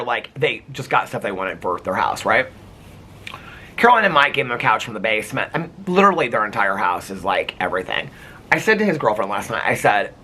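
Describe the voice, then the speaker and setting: A man's voice: mid-range voice, pushed and bright, slight background noise. A man vlogging casually to camera, telling a chatty, gossipy story full of "like" and quoted dialogue.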